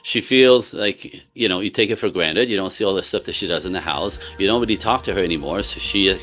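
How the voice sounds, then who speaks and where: A low-pitched man gives earnest relationship advice in relaxed podcast conversation. He drives his points home with emphasis and slips in quick laughs. Faint music plays under him. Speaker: relationship coach for men. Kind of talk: casual podcast talk.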